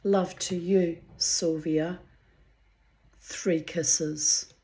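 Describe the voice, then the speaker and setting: A woman, reading her old diary entries aloud to her viewers and breaking off into candid, chatty asides, clearing her throat now and then. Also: lowish voice, steady tone, very slow, warm tone. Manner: candid, muses aloud, swears freely, frequent throat-clearing.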